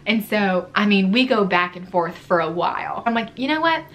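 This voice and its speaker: A woman's voice: medium pitch, normal speed, fairly bright tone. Chatty young woman telling a storytime. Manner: chatty, fillers like "like" throughout. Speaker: vlogger. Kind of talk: casual storytime chat.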